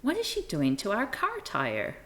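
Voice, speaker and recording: A woman's voice: fairly high pitch, huge pitch swings, moderate pace, sharp tone, pitched above the performer's own voice, full character voice. Woman putting on a bossy young girl. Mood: alarmed. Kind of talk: comic reading with voices.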